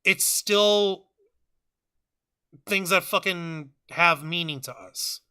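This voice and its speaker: Bright-voiced rambling male podcast host. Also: sits high, clear, resonant tone. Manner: rambling, many fillers and restarts, then rapid scripted sign-off. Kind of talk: casual live-stream podcast talk.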